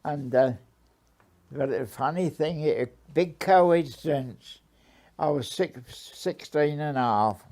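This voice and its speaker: In an oral history interview, an older man with a slightly high, darkish voice recounts his past unhurriedly. He repeats himself and acts out conversations from long ago.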